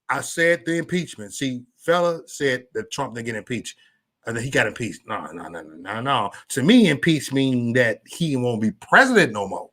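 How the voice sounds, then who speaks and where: A man ranting on a casual livestream, loud and profane, stammering and restarting, talking straight to viewers by name. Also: mid-range voice, lively intonation, moderate pace. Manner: chats directly with viewers by name. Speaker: livestream vlogger.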